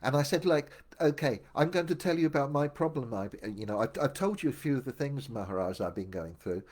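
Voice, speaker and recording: An older man with a husky, slightly breathy voice at an ordinary middle pitch. He tells his life story casually, wandering and reflecting as he goes and often circling back to restart a thought. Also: expressive, fairly quick, darkish tone. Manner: meandering, reflective, with many restarts. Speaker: memoir storyteller. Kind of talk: casual first-person storytelling.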